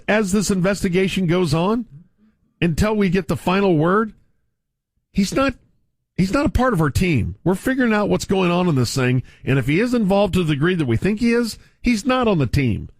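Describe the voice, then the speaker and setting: A man's voice: high-pitched, no room sound. A middle-aged man, a sports radio host delivering a furious, sarcastic rant from a studio microphone.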